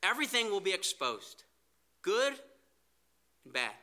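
A man's voice: high voice, huge pitch swings, a little slow, sharp tone. A man preaching a sermon, earnest, reading scripture aloud. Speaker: pastor.

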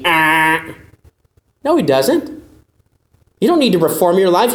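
Emphatic high-voiced male preacher. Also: sing-song, slow pace, long pauses, a bit bright, roomy sound. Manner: earnest, emphatic preaching that acts out quoted doubters in a higher voice. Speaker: pastor. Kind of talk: sermon.

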